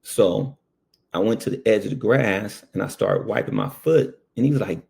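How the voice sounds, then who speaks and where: A man's voice: lowish voice, moderate pace, creaky. A man and former ambulance worker telling a personal story in a casual way, full of fillers and asides. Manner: animated, lots of fillers.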